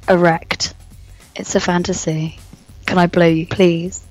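A woman co-hosting a podcast in a hoarse, gruff voice that sounds posh, reading mock-erotic passages with crude, teasing humour. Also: lowish voice, low-quality recording. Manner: crude, teasing, reads in slow deliberate tones. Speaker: podcast co-host.

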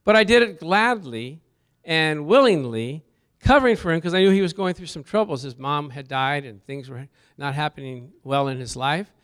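A male pastor with a fairly high, slightly bright, smooth voice preaches at a normal speed with lively intonation. He tells personal stories and asks the congregation questions, his emphasis rising on key words.

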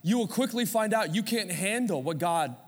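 A man's voice: high voice, expressive, normal speed. A man in his thirties preaching a sermon as pastor, in a casual, conversational way, calling out to the congregation for responses. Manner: conversational preaching with audience call-outs. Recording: reverberant hall.

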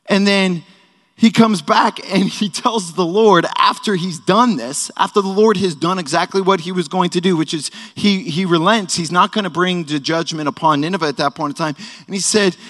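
A man's voice: high-pitched, moderate pace, fairly bright tone. A man in his thirties teaching a sermon at a worship service, casual and joking, with frequent conversational asides. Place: worship hall. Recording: echoey hall reverb.

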